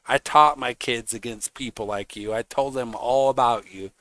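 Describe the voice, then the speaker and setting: A man's voice: mid-range voice, normal speed, few pauses, bright, forceful tone, no room sound. A man streaming, ranting casually in a heated, mocking way, swearing constantly. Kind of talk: casual rant.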